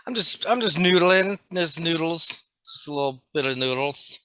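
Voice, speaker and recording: A man's voice: a little high, lively intonation, normal speed, sharp tone, a little hiss or hum. A man co-hosting a podcast in casual chat, joking and rambling, with a playful streak. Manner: joking, rambling, slips into silly rap impressions. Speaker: podcast co-host.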